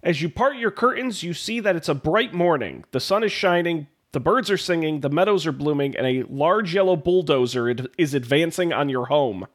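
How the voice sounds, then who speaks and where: A man's voice: a little high, expressive, moderate pace, hardly any pauses. A man with a cold, co-hosting a podcast over a video call and reading a text adventure game aloud with playful emphasis. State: has a cold. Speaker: podcast host.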